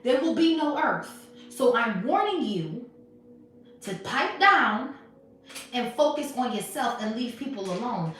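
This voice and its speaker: A woman's voice: a little high, big pitch swings, unhurried, a bit bright, a little hiss or hum. A woman doing a live tarot reading in a sassy, emphatic way. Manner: sassy, emphatic, laughing often. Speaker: tarot reader. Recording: very echoey room, mic far off.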